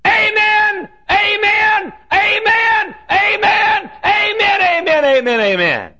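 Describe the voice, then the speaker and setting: A man voicing an old male church custodian who talks in a soft, tearful, pleading way. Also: mid-range voice, fairly even intonation, brisk, gravelly. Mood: shouting. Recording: dull lo-fi sermon recording.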